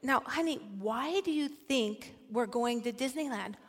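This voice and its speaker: A woman voicing a gentle, puzzled young mother who soothes her child. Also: sits high, a little slow, big-room sound. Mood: soothing.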